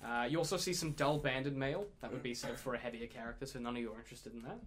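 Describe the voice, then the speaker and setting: A man's voice: medium pitch, fairly even intonation, racing, fairly bright tone. A man running a tabletop game as game master, narrating with a loose, rambling delivery. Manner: rambling, many ums and restarts.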